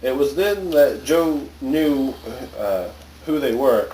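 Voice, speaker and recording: A man's voice: mid-range voice, animated, takes it slowly, dark tone, roomy sound, far from the mic, slight background noise, rough recording. A man casually reading a story aloud to friends, stumbling over words now and then. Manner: casual, stumbling, laughs often. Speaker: story reader. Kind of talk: joking comedic reading aloud.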